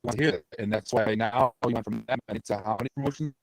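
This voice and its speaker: A man with a fairly low voice talks bluntly and swears as he joins the chat. His voice sounds dry and close, with no room around it. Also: steady tone, fast, no echo. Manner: blunt and profane. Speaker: wrestler guest on a call. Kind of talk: casual podcast chat.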